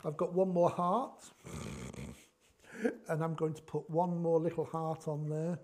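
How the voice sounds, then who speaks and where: Here a middle-aged craft host jokes and rambles through his tutorial, voicing his thoughts as he works. His voice is on the high side and a little mellow, with little pitch movement and a measured pace.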